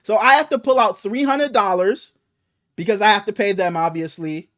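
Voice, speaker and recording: A young man with a notably high voice, chatting on a podcast as co-host. He tells stories animatedly and swears a lot, his speech loose and unscripted. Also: moderate pace. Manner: animated, profane storytelling with acted quotes. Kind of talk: casual chat, storytelling.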